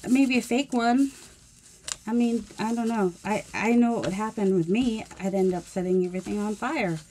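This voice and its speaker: A woman's voice: mid-range voice, normal speed, warm tone, slight background noise. A woman chatting in a rambling, self-deprecating way while she works on a mixed media collage. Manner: rambling, musing aloud while working. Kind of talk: chatty crafting vlog.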